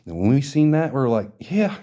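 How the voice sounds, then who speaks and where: A man's voice: mid-range voice, expressive, quick pace, mellow. A man hosting a podcast, delivering an indignant, profane rant of social commentary. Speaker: podcast host.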